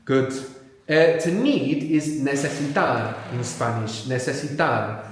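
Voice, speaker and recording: A man's voice: medium pitch, expressive, takes it slowly, crowd noise. A male language teacher leading a live workshop, patiently quizzing learners and repeating words back to them. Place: workshop room with live audience. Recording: very echoey room.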